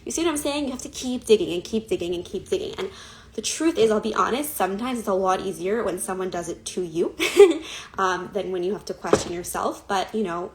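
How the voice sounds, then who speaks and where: A woman's voice: medium pitch, expressive, brisk, slight background noise. A woman coach giving a chatty talk on an Instagram live, with many fillers, asides and light laughs.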